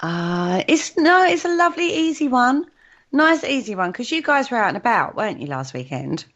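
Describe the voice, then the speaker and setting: A woman's voice: a little high, sing-song, normal speed, a bit bright. A British woman hosting a radio show, chatting cheerfully, giggling and poking fun at herself. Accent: British English. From United Kingdom. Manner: cheerful, giggly, self-deprecating. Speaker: host. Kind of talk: casual radio chat. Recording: slightly muffled sound.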